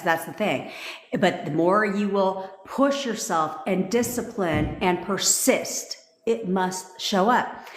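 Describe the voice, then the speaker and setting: A woman's voice: medium pitch, a little hiss or hum. A woman manifestation coach talking casually and bluntly on a live stream, swearing freely for emphasis. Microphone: phone. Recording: echoey room.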